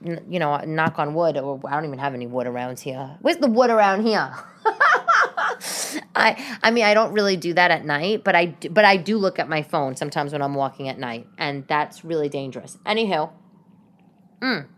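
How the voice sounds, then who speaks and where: With a low-pitched voice and a brisk pace, a late-30s woman hosts a solo podcast from home. Her talk is casual, chatty, and rambling, with many restarts.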